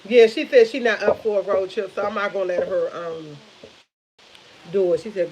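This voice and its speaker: A woman's voice: mid-range voice, fast, poor audio. A woman chatting casually on a live stream, rambling and retelling conversations with family. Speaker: vlogger.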